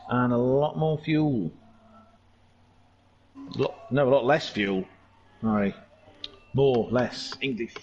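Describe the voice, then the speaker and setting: A man giving casual, jokey commentary on an online car race, chatty and excitable. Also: medium pitch, slow pace, vocal fry, pauses often, muffled recording, slight background noise. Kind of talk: casual sim racing commentary.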